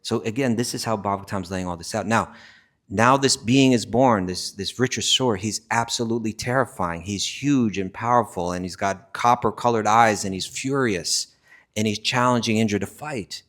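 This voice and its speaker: Guy with a lowish voice teaching scripture, chatty, keeps saying right?, restarts words a lot. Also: normal speed, a bit bright. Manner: conversational, checks in with frequent "right?"; restarts and repeats words as he builds a point. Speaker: spiritual teacher. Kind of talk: scripture class storytelling.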